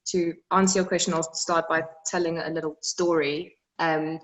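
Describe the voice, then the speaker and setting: Young south african woman, interview guest, earnest and reflective, lowish voice. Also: little pitch movement, moderate pace, low-quality recording. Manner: reflective, earnest, repeats words when moved. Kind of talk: emotional personal storytelling.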